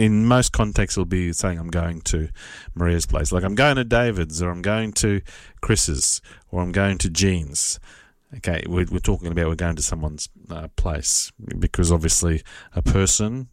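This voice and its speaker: A man giving a patient, casual spoken lesson, repeating words slowly and spelling them out. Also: low voice, dry recording, studio quality. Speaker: Italian language teacher.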